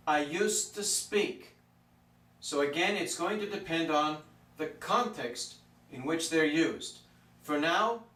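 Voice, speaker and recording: Man, slightly high voice, patient grammar teacher, recorded from a distance in a roomy space. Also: a bit bright. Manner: patient, stretches out example words. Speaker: Spanish teacher. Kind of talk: explanatory lesson. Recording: echoey room from far off.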